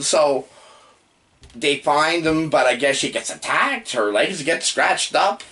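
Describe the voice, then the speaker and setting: Male horror host, lively swooping pitch, jokey and rambling. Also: a little slow. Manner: rambling, excitable, jokey, yelps and outbursts. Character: male demon posing as human host. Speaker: horror movie reviewer. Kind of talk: comedic in-character movie review.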